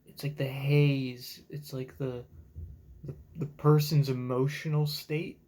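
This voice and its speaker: A man giving live reaction commentary on a manga chapter from a home streaming setup, talking in an excitable, casual way and swearing freely. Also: mid-range voice, takes it slowly.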